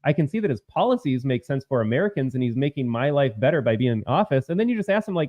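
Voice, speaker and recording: A man's voice: mid-range voice, big pitch swings, fast talker, no room sound. A man from Minnesota co-hosting a casual political talk show, making emphatic, argumentative points. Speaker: co-host. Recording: slightly dull lo-fi audio.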